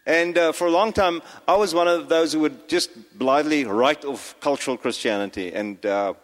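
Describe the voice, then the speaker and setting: A man's voice: a little high, normal speed. Man preaching in a reverberant hall. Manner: hesitant, many fillers and restarts. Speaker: pastor. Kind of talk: sermon.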